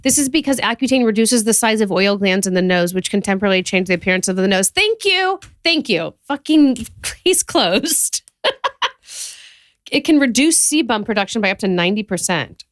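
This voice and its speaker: A woman co-hosting a casual chat podcast, laughing often and reading facts aloud with quick energy. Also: mid-range voice, dry recording, clean studio sound. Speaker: podcast co-host.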